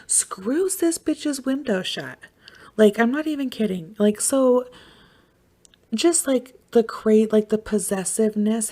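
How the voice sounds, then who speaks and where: Low-voiced woman w/ a gravelly edge, casual podcast chat, lots of "like" and cussing. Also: dark tone. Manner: emphatic, swears freely, full of "like". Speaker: podcast host. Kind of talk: casual true-crime chat.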